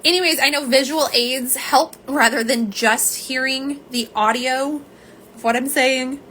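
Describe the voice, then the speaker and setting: A woman's voice: sits high, fairly even intonation, measured pace, sharp tone, slight background noise, poor audio. A woman chatting casually on a live stream from home, rambling and greeting viewers by name. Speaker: livestream host. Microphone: phone camera.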